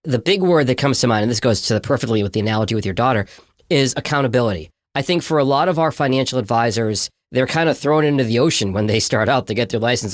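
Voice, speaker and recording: A man's voice: mid-range voice, animated, fast, no room sound. A man co-hosting a podcast, summing up the conversation reflectively. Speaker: podcast co-host.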